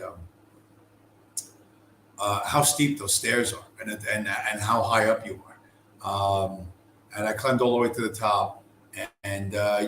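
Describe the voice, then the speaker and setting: Low-voiced man rambling with swearing. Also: a bit bright, echoey room, a little hiss or hum. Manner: rambling, profane, many fillers and restarts. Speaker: vlogger. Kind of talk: casual travel chat to camera. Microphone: camera mic.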